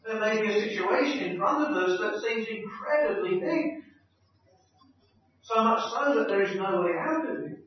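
Male preacher, high and animated, emphatic; roomy distant church recording. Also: moderate pace. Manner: animated, emphatic, repeats key phrases. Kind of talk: expository sermon. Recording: echoey hall, distant mic, dull sound.

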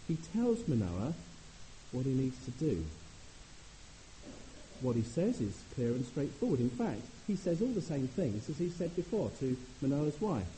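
A man preaching a sermon in an earnest manner, at times rising to animated emphasis. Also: medium pitch, a little hiss or hum, low-quality recording.

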